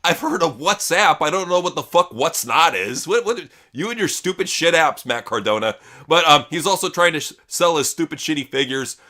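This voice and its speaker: A man with a bright, ringing voice that swings up and down a lot, talking in a crude and mocking way about the news. He curses all the time and reads quotes aloud in a scornful tone. His voice sits a little high for a man. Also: animated, a little fast. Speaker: podcast co-host. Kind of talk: crude casual news chat.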